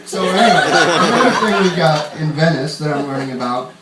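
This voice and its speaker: A man's voice: on the high side, lively intonation, a little fast. A young man from upstate New York doing a stand-up comedy set on a club stage, rambling and chuckling at his own jokes. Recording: roomy club sound, far from mic, audience noise.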